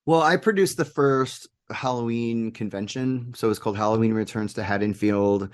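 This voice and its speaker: A man's voice: lowish voice, normal speed, clear, resonant tone. A man telling enthusiastic anecdotes as a guest in a casual interview, full of fillers and restarts. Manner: excited, animated anecdotes with frequent fillers. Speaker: guest, game producer.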